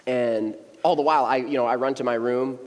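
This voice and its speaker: A man's voice: mid-range voice, fairly even intonation, brisk, darkish tone. A man in his thirties preaching as a young adults pastor, telling a funny story in a casual, playful way and acting out voices, in a church sanctuary. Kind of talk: humorous storytelling sermon. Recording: long church reverb.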